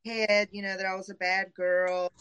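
A woman's voice: mid-range voice, little pitch movement, brisk, a bit bright, clean tone, low-quality recording. A woman in her forties from Middle Georgia with a Southern accent, a podcast guest talking candidly with lots of ums and hesitations. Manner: hesitant, many ums, laughs easily. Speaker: interview guest. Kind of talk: candid conversational interview.

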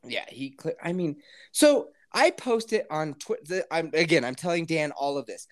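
A man's voice: a little high, very animated, moderate pace. A man hosting a podcast, telling a crude story in a casual, laughing way and acting out other people's lines. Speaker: podcast host.

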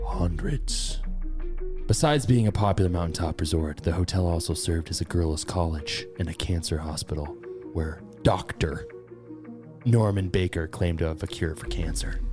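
A man co-hosting a podcast in casual, jokey chat, sometimes slipping into mock newscaster bits. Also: deep voice. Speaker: podcast co-host.

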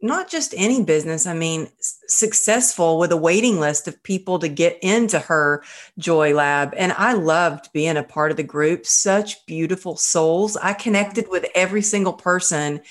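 A woman hosting a conversational interview, speaking with open, heartfelt enthusiasm. Her voice sits slightly low for a woman, and she lingers on her words as she praises her guest. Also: moderate pace. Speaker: podcast host.

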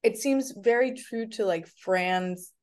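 A woman co-hosting a podcast in casual chat, recapping scenes in an animated way and laughing along. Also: medium pitch, slow pace. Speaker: podcast co-host.

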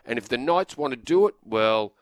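A male sports radio co-host who calmly argues the other side of the debate in a studio. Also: mid-range voice, normal speed, dry recording. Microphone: studio microphone.

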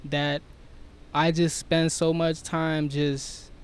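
A man in casual conversation, talking reflectively and softly about his own life and struggles. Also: on the high side, little pitch movement, takes it slowly, clear, resonant tone. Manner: reflective, soft-spoken, storytelling. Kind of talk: casual chat.

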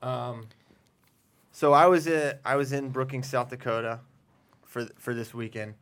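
A man hosting a casual chat, telling stories in an animated way and laughing often. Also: mid-range voice, measured pace, smooth. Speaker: host.

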